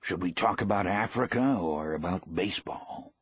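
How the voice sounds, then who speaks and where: A proud, gentle old fisherman in a storybook reading, quiet and unhurried, as a male narrator reads him. His voice is low and husky. The sound is close and dry. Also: dry recording.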